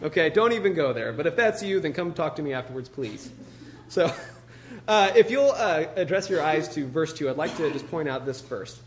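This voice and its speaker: A man's voice: fairly high pitch, expressive, normal speed. A male pastor preaching a casual, joking sermon and reading scripture, full of "you know" and "like".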